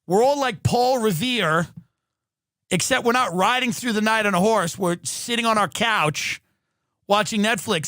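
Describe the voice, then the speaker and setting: Male podcast host from New York, high voice, sardonic profane comic rants, exaggerated delivery, dry studio sound. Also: moderate pace, a bit bright, no echo. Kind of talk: comedic monologue rant.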